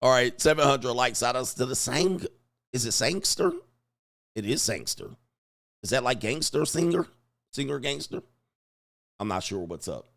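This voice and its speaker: His voice is gravelly and medium-pitched, moving at a moderate pace broken by long pauses. A middle-aged man, he runs a casual livestream, laughing, using slang, telling a story, and reading out comments from viewers.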